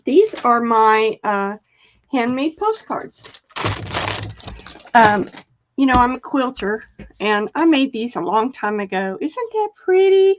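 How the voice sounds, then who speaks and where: A woman's voice: a little high, big pitch swings, takes it slowly, pauses often, background noise. An older woman casually chatting on a live stream, greeting viewers by name and trailing off as she searches for things. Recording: dull lo-fi stream audio.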